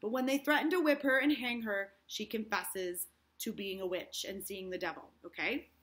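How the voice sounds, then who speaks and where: Bright-voiced woman explaining a play. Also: mid-range voice, normal speed. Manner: explains hard words as she reads. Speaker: teacher. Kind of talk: reading a play aloud and explaining it to students.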